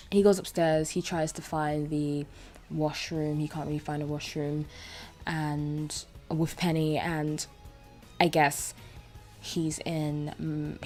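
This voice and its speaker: A young woman casually reviewing a cartoon episode, chatty and animated, full of fillers and restarts. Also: low voice.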